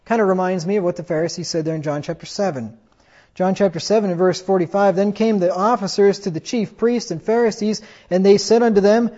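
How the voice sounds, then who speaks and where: A man with a high voice preaches a fiery sermon, reading scripture and mocking his critics. The recording is dull and lo-fi, like a church tape. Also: a little fast, warm tone. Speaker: pastor.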